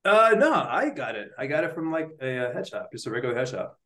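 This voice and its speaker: A man's voice: medium pitch, fast. A young man and neuroscientist guest, telling a story in a casual interview, full of slang and fillers like dude and like. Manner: animated, slangy, lots of likes and dudes. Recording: roomy echo.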